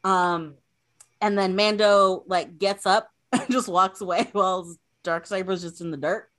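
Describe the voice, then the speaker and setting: A woman's voice: mid-range voice, steady tone, measured pace, fairly bright tone. A woman casually recapping an episode, chatty and full of fillers. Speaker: podcast host recapping an episode.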